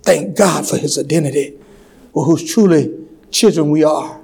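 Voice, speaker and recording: Male pastor, high voice, sermon in a church; goes from hushed stories to fervent, climbing exhortation. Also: gravelly, husky, low-quality recording. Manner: swings from hushed, slow storytelling to loud, fervent preaching. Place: church sanctuary.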